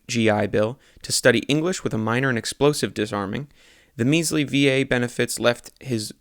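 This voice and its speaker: Man, young adult, gravelly, dry close sound, deadpan spoof news reading. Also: medium pitch, no echo. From Texas. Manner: self-correcting reader who swears at his own mistakes. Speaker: satirical newspaper writer reading his articles.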